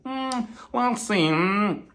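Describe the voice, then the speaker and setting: A man voicing a slow, dreamy woman from reality TV who muses aloud with hums. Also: high voice, expressive, a bit bright, heavily acted. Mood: musing. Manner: drawn-out, musing with hums.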